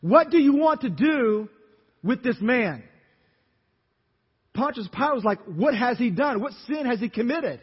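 A man preaching a sermon as pastor, telling the story dramatically and acting out the crowd's shouts. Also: very high-pitched, expressive, measured pace, pauses often, slightly rough. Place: church sanctuary. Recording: dull reverberant church recording.

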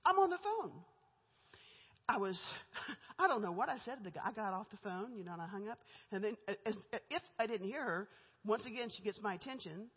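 Speaking fast in a slightly rough, medium-pitched voice, a middle-aged guest speaker tells her life story as a church testimony. It comes across as conversational storytelling, candid and chatty, with laughter between lines. The audio, captured in a church sanctuary, sounds muffled and echoey.

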